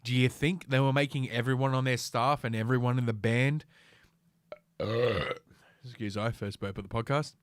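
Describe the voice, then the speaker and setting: A man's voice: medium pitch, steady tone, normal speed, dry recording. Brief: middle-aged male podcaster, swearing, sardonic rambling rant, dead-dry recording. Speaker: podcast host. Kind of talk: casual solo podcast rant.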